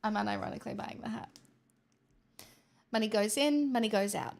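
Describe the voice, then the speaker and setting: A woman's voice: medium pitch, fairly quick, gravelly, pauses often, a little mellow. A young woman streamer chatting casually with her viewers, giggly and rambling. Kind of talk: casual live-stream chat.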